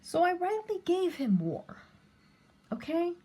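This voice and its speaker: A woman's voice: extremely high pitch, huge pitch swings, slow, warm tone. Blunt, profane woman telling a story. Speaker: vlogger. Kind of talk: personal storytelling rant.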